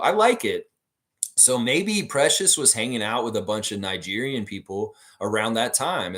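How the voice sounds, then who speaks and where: A man's voice: medium pitch, fairly bright tone. A man hosting a fan livestream, chatting casually and answering viewer comments in a rambling way with lots of fillers.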